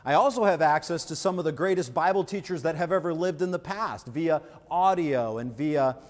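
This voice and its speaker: A man preaching from the pulpit, his voice sitting a little higher than most men's. He talks in an animated, conversational way, firing rhetorical questions at the room, and the sound rings with a long hall reverb. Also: moderate pace, a little hiss or hum. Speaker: pastor. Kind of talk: sermon.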